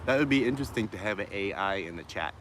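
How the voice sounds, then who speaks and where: A man's voice: lowish voice, animated, a bit bright, a little hiss or hum. A man with a faint Boston accent, musing unhurriedly on a casual livestream as he answers viewer comments from a shady park. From Boston, USA. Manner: unhurried, musing, with trailing restarts. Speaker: livestreaming vlogger. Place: wooded city park in the shade, outdoors.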